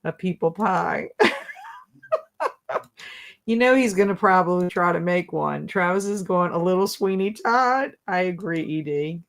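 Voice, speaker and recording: This booktube livestream host has a lowish, creaky voice and speaks a little slowly with long pauses. She reads viewer comments aloud in a giggly, chatty way, laughing often at their jokes.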